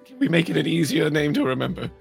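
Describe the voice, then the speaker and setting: A playful player who jokes and laughs through the planning. The pitch leaps around widely and the voice carries a gravelly edge, with faint music in the background. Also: big pitch swings. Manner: playful, laughing, quick to joke. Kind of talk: casual game table chat.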